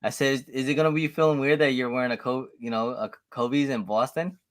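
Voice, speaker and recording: A man's voice: medium pitch, brisk. A man chatting as co-host on a livestream, retelling stories with a lot of laughter. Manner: laughing storyteller, animated retellings. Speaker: co-host friend. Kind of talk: casual chat.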